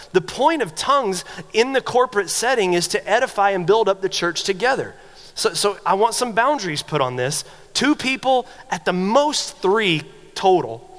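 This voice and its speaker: High-voiced man preaching in a reverberant hall. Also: a bit bright. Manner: emphatic teaching, repeats words while restarting. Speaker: pastor. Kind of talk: sermon.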